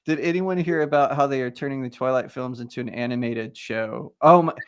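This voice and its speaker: A man with a subtle Texan accent chatting casually on a live watch-party stream, rambling and quick to laugh. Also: medium pitch, steady tone, clean tone. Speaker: livestream co-host.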